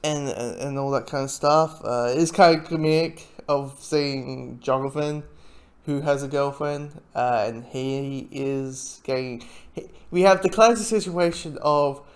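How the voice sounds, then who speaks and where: A man's voice: mid-range voice, measured pace. A man giving a casual spoken TV review, rambling and breaking off his sentences often. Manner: rambling, self-interrupting, chuckles often.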